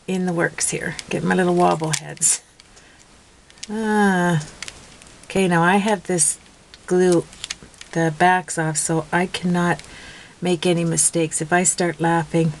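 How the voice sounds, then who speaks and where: Slow-talking giggly woman crafting. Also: on the low side, vocal fry, slight background noise, rough recording. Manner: giggly, rambling, self-mocking. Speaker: card-making vlogger. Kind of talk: casual crafting video chat.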